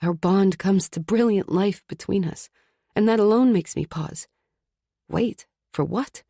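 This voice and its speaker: A woman's voice: mid-range voice, moderate pace, mellow, dry recording, studio quality. A woman narrating a fantasy audiobook in the first person, tense and urgent. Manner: tense, urgent inner monologue.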